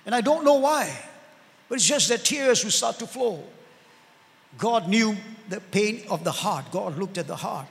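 High-voiced preacher in a reverberant hall. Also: male voice, expressive, creaky. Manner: earnest preaching with drawn-out emphatic words and calls of amen. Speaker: pastor. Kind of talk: sermon.

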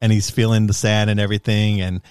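A young man in casual chat, excitedly retelling a movie scene with lots of fillers and restarts. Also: lowish voice, fast, smooth, dry recording. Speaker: podcast co-host.

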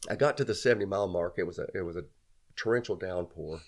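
This middle-aged man has a low voice and talks fast as he rambles through a long story about himself in a casual conversation, often laughing at his own expense.

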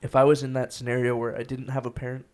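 A man's voice: mid-range voice, flat delivery, fast, darkish tone. A young man co-hosting a podcast, telling joking anecdotes in casual chat. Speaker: podcast co-host.

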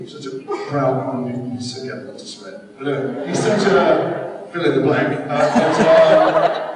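A man's voice: on the high side, darkish tone. A middle-aged man, a convention panel guest, tells stories animatedly, full of asides, and acts out the lines he quotes. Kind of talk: anecdotal storytelling. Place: large convention hall. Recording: echoey hall, from far off, crowd noise. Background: audience crowd.

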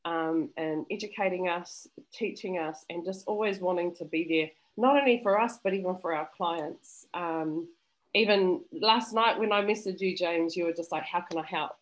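A woman's voice: fairly low pitch, moderate pace, rough recording. A woman speaking over a video call, giving an effusive, emotional and grateful testimonial in a heartfelt way. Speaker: student interviewee.

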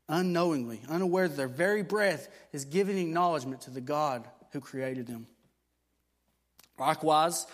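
A man with a somewhat high voice preaches in a loose, conversational way, stopping and restarting as he explains. He swings into forceful, repeated declarations. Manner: conversational teaching with frequent fillers and restarts; builds to emphatic repeated declarations. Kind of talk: sermon.

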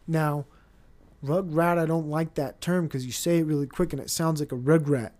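A man's voice: on the high side, steady tone, normal speed, darkish tone. A young adult man hosting a casual solo podcast, rambling and swearing, often mocking other people in put-on voices. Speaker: podcast host.

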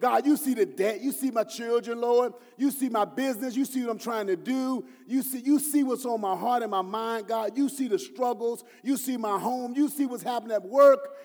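A man preaching a sermon as pastor. He swings from hushed, low-voiced prayer quotes to loud, half-sung emphasis. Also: moderate pace, few pauses, big-room sound. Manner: preaching with rising, shouted emphasis and sung phrases; often drops to a low, hushed voice when quoting prayers.

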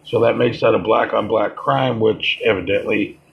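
A man delivering a heated, profane monologue, halting and restarting as he works himself up. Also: fairly low pitch, fairly even intonation, creaky, husky. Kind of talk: monologue commentary. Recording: dull lo-fi recording.

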